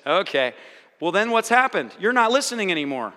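A man giving a sermon-style teaching, animated, acting out quoted inner voices. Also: on the high side, a little fast. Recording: reverberant hall.

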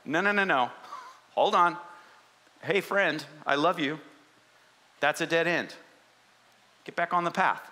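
A man's voice: on the high side, unhurried, long pauses, pushed and bright, long reverb tail, voice pushed up. A man voicing God as a trusting friend, talking in a plain, reassuring, conversational way. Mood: urgent.

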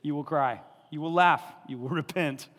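Animated high-voiced man preaching. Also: moderate pace, big-room sound. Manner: animated, laughing often, acting out Bible figures. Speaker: pastor. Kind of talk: sermon.

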